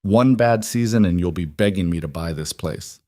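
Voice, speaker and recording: Give me a rough, taunting cowboy villain, as a male narrator puts him on, somewhat higher than his own low voice. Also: normal speed, darkish tone, no echo, clean studio sound, close to an everyday voice. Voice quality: rough, amused drawl. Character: big menacing rancher villain, mocking and rough.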